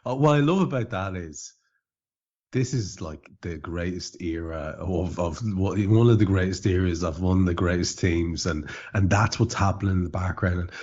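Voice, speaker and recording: A man's voice: deep voice, moderate pace, a little mellow. A man hosting a podcast in casual chat, enthusiastic and stumbling over repeated restarts. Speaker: podcast host. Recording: dull lo-fi podcast audio.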